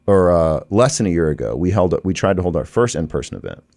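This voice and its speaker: Low-voiced man telling business stories casually. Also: dry recording, studio quality. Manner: energetic, informal, fast-flowing with many "like" fillers. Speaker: business owner and podcast guest. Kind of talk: casual conversational storytelling.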